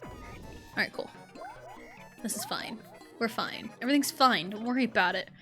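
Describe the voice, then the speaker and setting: A woman's voice: a little high, expressive, normal speed, long pauses, sharp tone. A young woman streaming a video game, chatting casually, giggling and joking about herself. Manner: giggly, self-mocking. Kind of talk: casual gaming livestream chat. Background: faint game music.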